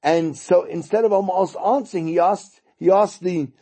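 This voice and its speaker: A man telling a story during a lesson, halting and repeating words as he goes. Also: sits high, dark tone, breathy edge. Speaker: teacher.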